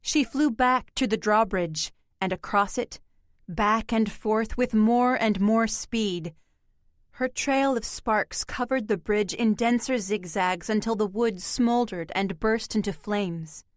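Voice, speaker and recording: A woman reads an audiobook at an unhurried, deliberate pace, her storytelling measured and even. The sound is dry and close, with no room around her voice. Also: mid-range voice, no room sound. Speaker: audiobook narrator. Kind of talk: scripted audiobook narration.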